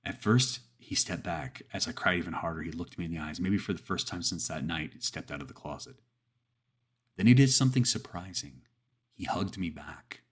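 A man narrating a first-person horror story, then reflecting earnestly on it with measured pauses. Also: low voice, husky.

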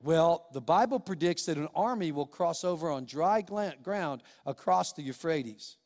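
A man's voice: on the high side, expressive, normal speed, darkish tone. A male pastor preaching a sermon, pleading and repeating phrases with passion. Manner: impassioned, repetitive pleading. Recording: long hall reverb.

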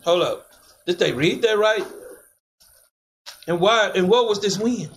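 A man preaching, commanding his reader to read on and firing back sharp questions. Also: high voice, lively intonation, unhurried, slight background noise, low-quality recording. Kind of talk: street preaching with scripture reading.

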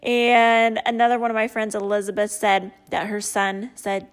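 A woman's voice: a little high, fairly even intonation, a little slow. A woman hosting a casual chat and reading out funny stories, often breaking into laughter at them. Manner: giggly, often laughs at what she reads. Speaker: host; parent.

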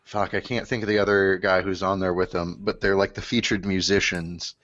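A man's voice: deep voice, flat delivery, a little fast, a bit bright, no echo, muffled recording. A man co-hosting a podcast, rambling and joking in casual chat. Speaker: podcast co-host.

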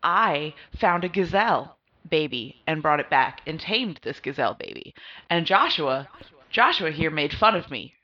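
A woman's voice: deep voice, expressive, normal speed, sharp tone, husky. A woman co-hosting a casual podcast chat, rambling and laughing as she talks. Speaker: podcast co-host. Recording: dull lo-fi sound.

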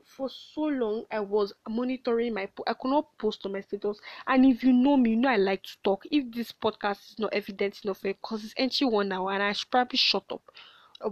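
A woman's voice: fairly high pitch, no room sound. A young woman, hosting a candid solo podcast; she rambles, swears bluntly and laughs at herself. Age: late teens. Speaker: podcast host. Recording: dull, dry lo-fi home recording.

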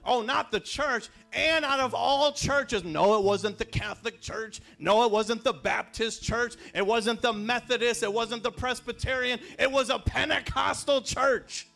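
A man preaching a sermon, telling personal stories and building to fervent shouts. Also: very high voice, a little slow, gravelly, hardly any pauses, soft background music.

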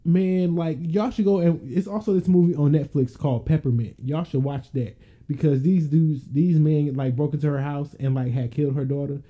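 A man co-hosting a podcast, ranting in an animated, profanity-heavy casual style. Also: a little high, moderate pace, few pauses, lo-fi sound. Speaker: podcast co-host.

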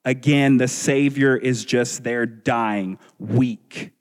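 A man preaching a sermon as a pastor, earnest and measured, asking his listeners rhetorical questions. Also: mid-range voice, fairly even intonation. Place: church sanctuary. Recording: long reverb of a large hall.

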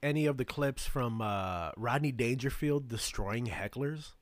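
A man's voice: mid-range voice, a little slow, no echo. A man hosting a casual podcast chat, rambling and swearing, with many fillers and restarts. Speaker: podcast host.

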